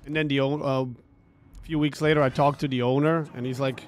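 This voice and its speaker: A gaming streamer with a mid-range voice, level tone and fairly quick delivery rants about a tournament over gameplay. Frustrated and swearing, he keeps repeating himself as he tells the story.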